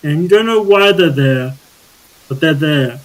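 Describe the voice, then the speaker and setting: A man's voice: a little high, lively intonation, unhurried, low-quality recording. A man voicing a crude, brash female soldier who rambles and swears. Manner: profane, rambling.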